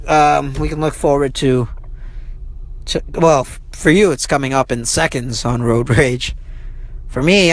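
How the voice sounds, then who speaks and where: A man's voice: fairly high pitch, a bit bright. Guy hosting his own podcast, swears constantly, rambles and rants all fired up. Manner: profane, rambling, heated ranting. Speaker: podcast host. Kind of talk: recorded travel diary monologue.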